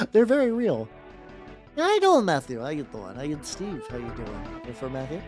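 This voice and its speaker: A streamer talking casually over a live game stream, voice bouncing up and down with lots of life. The talk is loose and rambling, broken up by quick hellos to viewers by name. Soft background music plays faintly underneath. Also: medium pitch, sing-song. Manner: chatty, greets viewers by name between rambling anecdotes.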